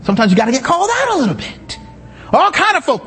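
A man preaching in a church with an unusually high, slightly husky voice. His pitch leaps around as he talks, casual asides breaking into shouted emphasis. A long reverb from the room trails behind every phrase. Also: very animated, brisk. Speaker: pastor. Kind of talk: sermon. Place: church sanctuary.

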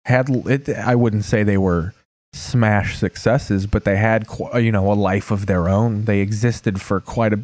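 A man's voice: on the low side, fairly even intonation, measured pace, a little mellow, no echo. A man hosting a casual live stream, talking loosely over TV clips with profane, wry asides. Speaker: streamer host.

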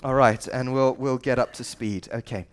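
A man's voice: mid-range voice, steady tone, normal speed, smooth. A middle-aged man preaching a sermon at a church service, earnest and conversational, asking rhetorical questions. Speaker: pastor.

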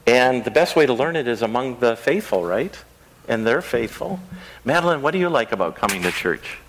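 A man's voice: medium pitch, big pitch swings, a little fast, fairly bright tone, rough recording. A man pastor giving a children's message in a rural church, talking in a conversational way and asking the children simple questions. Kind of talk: children's sermon.

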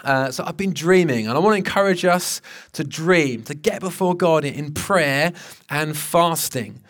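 A man's voice: a little high, moderate pace, fairly bright tone. A man in his thirties preaching a sermon, telling a personal story in an earnest, conversational way with frequent restarts. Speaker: pastor.

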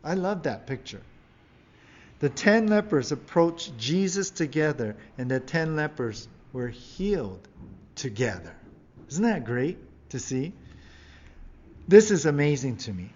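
A man's voice: fairly high pitch, big pitch swings, measured pace, pauses often, highs cut off. A male pastor giving a conversational sermon, reading scripture and acting out the people in it with a raised voice. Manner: conversational preaching, acts out quoted figures with raised voice.

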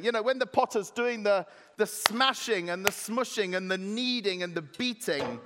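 A man preaching a sermon as pastor, animated, acting out playful voices in his retelling. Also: high-pitched, normal speed, big-room sound. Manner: animated, acts out voices of clay and potter.

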